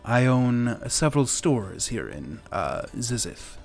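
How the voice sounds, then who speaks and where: A man voicing a middle-aged tiefling shop owner in a slow, measured way. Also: medium pitch, sing-song, vocal fry, faint music behind, exaggerated voice. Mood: formal.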